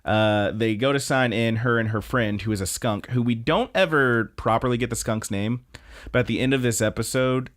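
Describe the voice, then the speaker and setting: A man's voice: on the low side, clear, resonant tone, dry recording, clean studio sound. A man casually recapping anime episodes as a podcast co-host, rambling with lots of fillers and swearing. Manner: rambling, profane, frequent fillers.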